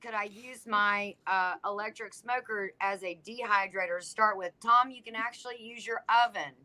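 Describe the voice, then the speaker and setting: A woman speaks as a panelist in a relaxed chat, answering a viewer's question. She talks in an animated, playful way at an ordinary pitch. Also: normal speed, dry recording.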